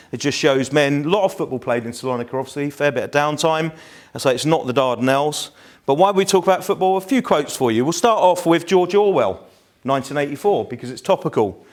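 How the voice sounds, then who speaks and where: A man in his fifties with a South East London accent, giving a chatty, anecdote-filled live lecture to a room. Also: fairly high pitch. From England. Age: 50s. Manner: chatty, anecdotal, self-deprecating.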